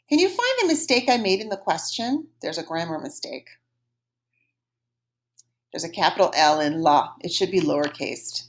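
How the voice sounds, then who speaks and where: A woman teaching a French lesson, modeling phrases slowly and clearly for students to repeat, patient and encouraging. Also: fairly low pitch, sing-song. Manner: slow, exaggerated modeling of phrases for repetition. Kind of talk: recorded language lesson.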